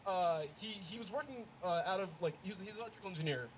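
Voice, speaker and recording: A man's voice: sits high, fast, muffled recording. A young man born in Ethiopia with an American accent, doing a loose, profane, self-mocking stand-up set on an outdoor stage in the cold. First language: Amharic. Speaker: stand-up comedian. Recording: noisy outdoor live recording. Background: laughing crowd.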